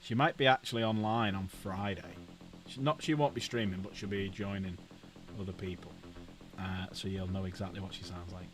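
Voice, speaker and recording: A man's voice: sits low, steady tone, moderate pace, music in the background. A man hosting a casual live stream, chatty and jokey, often repeating himself. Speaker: streamer host.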